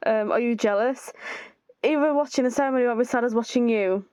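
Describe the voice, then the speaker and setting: A woman's voice: fairly high pitch, a little fast, a little mellow, clean tone, no room sound. A woman playing a story game and commenting on it casually. She is giggly and chatty as she reacts to the story. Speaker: let's play streamer.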